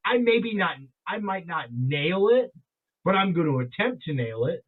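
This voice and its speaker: A man co-hosts a casual, boozy podcast, cursing freely and laughing a lot. His voice sits high. The audio is thin and tinny, like a phone line. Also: big pitch swings, normal speed. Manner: loud, profane, laughing, slips into mock accents. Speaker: podcast co-host. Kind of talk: casual drunk podcast banter.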